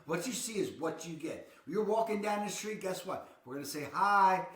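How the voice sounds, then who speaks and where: A man's voice: high-pitched, moderate pace, a bit bright, reverberant. A man with a Baltimore accent talking enthusiastically and emphatically as a real estate vlogger, often repeating words for stress. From Baltimore area, Maryland. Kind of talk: casual vlog guide to relocating.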